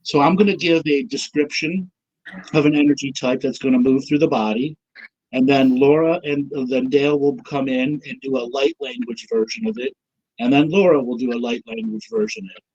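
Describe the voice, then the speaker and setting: A man co-hosting an online talk show, leading a slow, calm guided meditation with soothing instructions. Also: medium pitch, gravelly, slightly rough, dull audio. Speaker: co-host leading a guided session.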